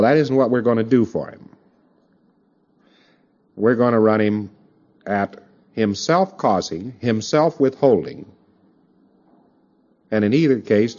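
Man lecturing, lively, on dull old tape. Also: mid-range voice. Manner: conversational, with frequent asides to the audience. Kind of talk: recorded lecture.

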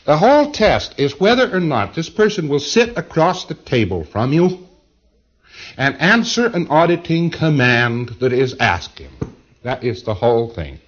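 A man's voice: fairly high pitch, very animated, measured pace. Emphatic rambling male lecturer, lo-fi tape. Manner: rambling, emphatic, repeats words. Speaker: lecturer to auditors. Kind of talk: recorded lecture.

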